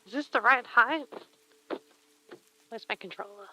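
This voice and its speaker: A woman's voice: on the high side, a little slow, bright, forceful tone, a little hiss or hum, rough recording. A woman streamer chatting casually while she crafts, murmuring to herself and reading chat aloud on a very sensitive close mic.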